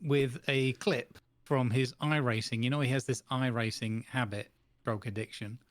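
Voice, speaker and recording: A man's voice: mid-range voice, steady tone, moderate pace, no echo. A man with a mid-range voice tells an anecdote on a podcast, dry and close to the mic. He teases in a wry, easygoing way. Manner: wry, teasing storyteller. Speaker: podcast co-host. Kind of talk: casual podcast chat.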